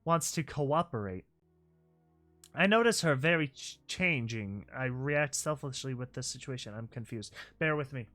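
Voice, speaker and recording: A narrator reading a slideshow story aloud and reacting to it, excitable and yelling in disbelief with mild swearing. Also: mid-range voice, moderate pace, soft background music.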